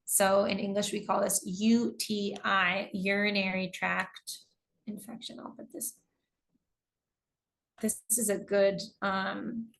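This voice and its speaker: An American woman teaching an English lesson to a class, with a gravelly, fry-touched voice at a middling pitch. She explains terms patiently, one example after another, and reads out her students' answers as she goes. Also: level tone, takes it slowly, a bit bright.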